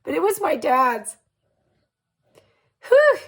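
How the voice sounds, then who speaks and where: A woman in her forties, pitched a little high, talks in a casual confessional monologue. Her talk is frank and chatty, with easy laughs, and she keeps checking in with her listeners. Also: expressive, moderate pace, fairly bright tone. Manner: laughs easily and speaks frankly. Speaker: host.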